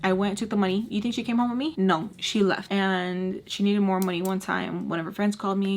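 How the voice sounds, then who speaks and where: Young woman vlogger spilling a story while doing makeup, cusses a lot, squeals up high sometimes. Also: brisk, gravelly, hardly any pauses. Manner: animated, swearing, jumps into high exclamations.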